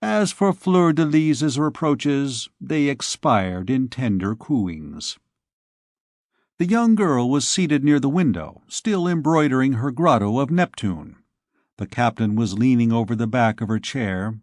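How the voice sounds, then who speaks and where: Reading from a classic novel, this man narrates like an audiobook reader, keeping a steady, measured storytelling pace. His mid-range voice comes through with no echo in studio-quality audio, as scripted narration.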